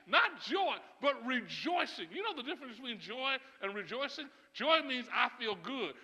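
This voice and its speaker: A man preaching a sermon as pastor, emphatic and often laughing, building to loud, rising calls. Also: very high-pitched, big pitch swings, moderate pace, hardly any pauses. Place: church sanctuary. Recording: church sanctuary with long reverb.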